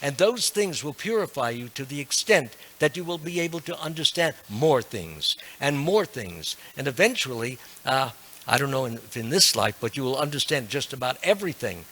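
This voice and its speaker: A man's voice: medium pitch, very animated, moderate pace, fairly bright tone. Earnest older man preaching. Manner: earnest, emphatic, with self-deprecating asides. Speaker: monk lecturing a temple class. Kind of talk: devotional sermon.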